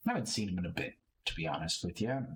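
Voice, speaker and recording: A low, hushed, hesitant man, as a game master puts him on for a tabletop game who leans in to confide, hedging with fillers and pauses. His voice sits clearly below the speaker's own, soft and wary. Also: lively intonation, a little hiss or hum. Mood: guarded.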